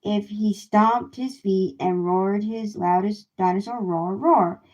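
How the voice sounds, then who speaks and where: A woman reading a children's picture book aloud in a gentle, unhurried way on a livestream. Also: mid-range voice, lo-fi sound. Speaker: storybook reader. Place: home livestream.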